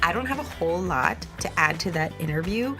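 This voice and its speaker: A woman's voice: on the low side, expressive, fairly quick, over music, rough recording. A woman hosting a podcast, teasing and laughing often in casual interview chat. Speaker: podcast host.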